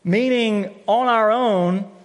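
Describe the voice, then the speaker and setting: In a church sanctuary, a pastor in his thirties preaches a sermon in a high-sitting voice at a slow pace. He sounds earnest and candid, often repeating words to stress a point, and the recording carries the church's long hall reverb.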